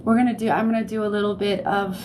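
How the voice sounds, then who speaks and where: A woman giving a live-streamed tarot reading, talking in a chatty, easygoing way, often checking in with "okay?" and laughing softly between phrases. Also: mid-range voice, flat delivery, fast talker, noisy background. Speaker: psychic reader. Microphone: phone or desk mic on livestream.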